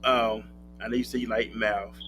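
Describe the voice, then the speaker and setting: A man hosting a talk show, asking questions in a relaxed, measured way. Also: on the low side, rough recording. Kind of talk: casual interview chat. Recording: music playing behind the voice.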